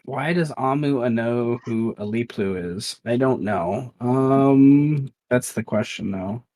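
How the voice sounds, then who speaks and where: A man narrating as game master of a tabletop game, loose and halting with many fillers. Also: medium pitch, warm tone, low-quality recording.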